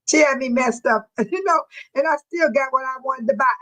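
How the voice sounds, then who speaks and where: Older woman, high-pitched, chatty livestream host who keeps breaking into laughter. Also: brisk, rough recording. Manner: laughs often, animated and chatty. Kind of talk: casual livestream chat reading viewer comments.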